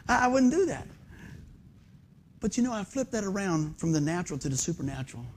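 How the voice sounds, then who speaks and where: A man, preaching a sermon in a church in a folksy, animated way and asking the crowd questions. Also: very high voice, quick pace, a little hiss or hum. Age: 50s. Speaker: pastor. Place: church sanctuary under stage lights.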